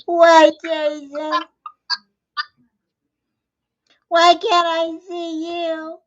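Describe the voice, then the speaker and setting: A man's voice: extremely high pitch, monotone, takes it slowly, fairly bright tone, lo-fi sound, voice pushed up, full character voice. A man voicing a clingy, tearful online girlfriend who whines and sobs melodramatically. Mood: weepy. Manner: whiny, sobbing, melodramatic.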